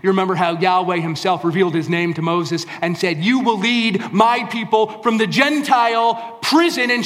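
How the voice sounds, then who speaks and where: A man's voice: fairly high pitch, a bit bright. Male pastor, emphatic sermon delivery, echoing hall. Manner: emphatic preaching, repeating key phrases.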